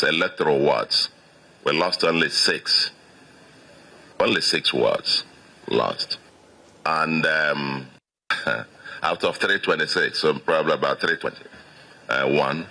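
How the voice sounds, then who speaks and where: Man, Nigerian accent, sixties, extremely low voice, tense bright edge, emphatic repetitions, victory address. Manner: emphatic, repeats phrases for stress. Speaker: state governor. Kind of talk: victory speech to supporters.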